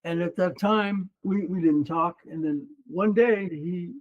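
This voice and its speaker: Unhurried and high-pitched, a seventy-something man from Mexico recounts his life earnestly as a podcast guest. Once a runner and coach, he speaks conversationally from a room at his home, peppering his talk with "you know," and the audio is dull lo-fi.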